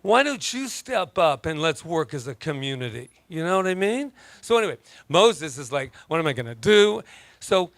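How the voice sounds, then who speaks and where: A man preaching a casual sermon as pastor, telling stories in an animated, joking way. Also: a little high, normal speed, hardly any pauses, no room sound. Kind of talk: conversational sermon.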